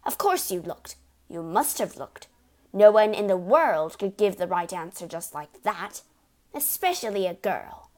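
Woman doing a loud blustering father. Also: mid-range voice, lively intonation, a little slow, lightly acted. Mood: angry shouting. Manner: loud, bullying, shouting. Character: blustering boastful middle-aged father.

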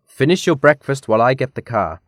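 A man voicing a tired, hurried mother in a read-aloud children's story, speaking firmly. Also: mid-range voice, very animated, dry recording, clean studio sound, pitched above the performer's own voice. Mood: weary. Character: busy mother, weary and hurried.

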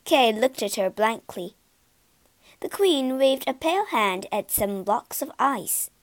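A woman reading a storybook aloud in a slow, clear, expressive narration. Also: on the high side, dry recording. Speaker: storybook reader.

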